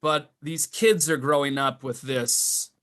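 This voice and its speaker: A middle-aged man, a creature puppet maker, talking as a guest in a casual podcast chat, telling stories in an animated, exasperated way. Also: medium pitch, slow.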